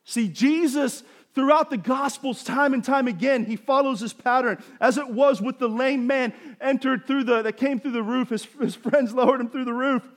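A man preaching a sermon, building to emphatic bursts and dropping to quieter explanation. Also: extremely high pitch, normal speed, hardly any pauses. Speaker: pastor.

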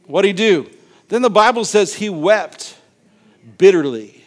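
Animated high-voiced preacher man. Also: a little slow. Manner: animated, acts out Bible scenes with voices and laughter. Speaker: pastor. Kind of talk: sermon.

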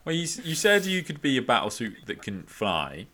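A man's voice: mid-range voice, wildly swooping pitch, fairly quick, pushed and bright, a little hiss or hum. A man in casual podcast chat, talking hesitantly with stumbling starts.

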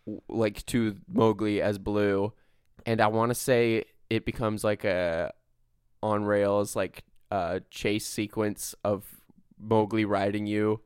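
This is a man chatting on a podcast in a relaxed, rambling way, full of fillers and restarts. His voice sits fairly low and sounds smooth. The recording is dry and close. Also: takes it slowly, dry recording. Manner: enthusiastic, rambling with many fillers. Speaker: podcast co-host. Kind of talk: casual chat.

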